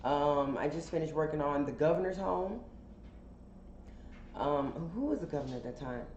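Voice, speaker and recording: A woman's voice: deep voice, normal speed, darkish tone. A woman telling a casual, candid story for a podcast, chatty and profane, full of fillers. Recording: roomy, dull sound with faint noise.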